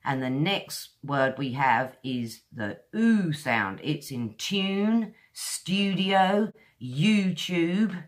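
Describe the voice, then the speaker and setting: A woman from England with a modern English accent, teaching pronunciation in a chatty video lesson and slowly repeating sounds to demonstrate them. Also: rumbling low, lively intonation. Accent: modern southern English.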